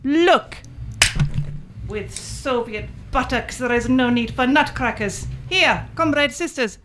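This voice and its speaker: A proud, brawny Soviet comrade sister, played by a woman in a comic radio play, declaiming with hearty earnestness. Her voice sits a little high. Faint ambient hiss lies under the lines. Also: a little slow, fairly bright tone.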